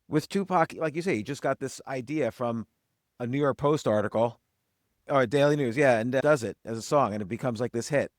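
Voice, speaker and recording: A man's voice: medium pitch, dry recording, clean studio sound. A man hosting an interview, asking questions and giving thoughtful comments while searching for words. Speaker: podcast host.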